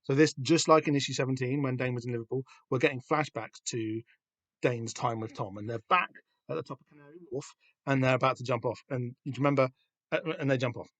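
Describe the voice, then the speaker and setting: A man's voice: medium pitch, fairly quick, a bit bright, dry recording. Southern english guy on a podcast, gushing and swearing a lot, um-ing all over, dry close sound. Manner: enthusiastic, swears freely, rambling with many fillers. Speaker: podcast host. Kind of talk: casual comic book discussion.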